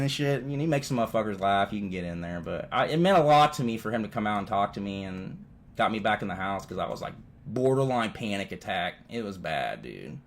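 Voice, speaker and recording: Brisk and fairly low-pitched, a man vlogs from home with rambling, profane, casual stories. He stays animated, swearing constantly and throwing in "dude" again and again.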